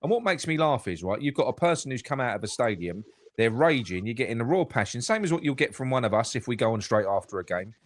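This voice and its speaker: A man's voice: mid-range voice, big pitch swings, quick pace, dry recording. A man, co-hosting a fan talk show, outspoken and swearing freely, often stumbling and restarting. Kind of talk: heated casual banter.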